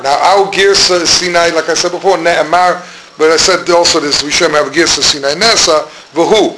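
A man's voice: a little high, steady tone, fairly quick, bright, forceful tone. Rambling man teaching a Talmud class. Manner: rambling, searching for words, mixes Hebrew and Yiddish terms. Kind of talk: informal Talmudic lecture. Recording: noisy room recording.

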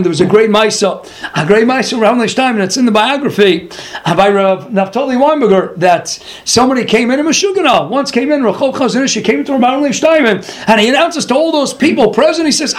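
A man with a strikingly high voice delivers a spirited Torah class as a rabbi. He talks like a lively storyteller and throws himself into the characters he quotes. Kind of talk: animated Torah lecture.

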